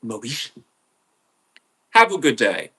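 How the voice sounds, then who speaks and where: A man ranting on his podcast in a profane, animated monologue. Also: mid-range voice, slow, breathy edge. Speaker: podcast host.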